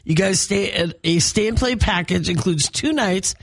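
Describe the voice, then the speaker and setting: Chatty Midwestern radio morning host. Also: female voice, mid-range voice, moderate pace, no echo. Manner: chatty, many fillers and restarts. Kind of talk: upbeat live radio banter. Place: radio studio.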